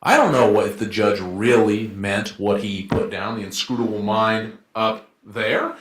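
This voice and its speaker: A man arguing his side in a debate as a lawyer, in a joking and rhetorical way with quick asides. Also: fairly low pitch. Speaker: debater, law firm associate. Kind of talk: informal debate argument. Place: event room. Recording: echoey room.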